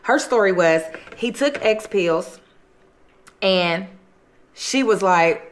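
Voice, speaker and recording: A woman's voice: medium pitch, expressive, takes it slowly, pauses often. A woman hosting a mukbang, casually retelling a true-crime case in a chatty way, full of "like" and acted quotes. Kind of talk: casual true-crime storytelling while eating.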